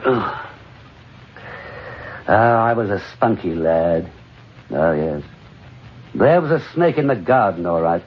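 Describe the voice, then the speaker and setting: An actor playing a drunk, bitter, washed-up middle-aged comedian in a stage monologue, rambling and sardonic, swinging from mutters to outbursts. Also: male voice, low voice, animated, takes it slowly, long pauses, slightly rough, exaggerated voice. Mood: wistful. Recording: dull lo-fi recording.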